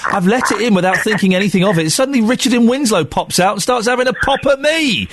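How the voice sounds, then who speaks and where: Quick, lively radio host, a man. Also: high voice. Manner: jokey, exasperated banter with callers. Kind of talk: casual phone-in chat.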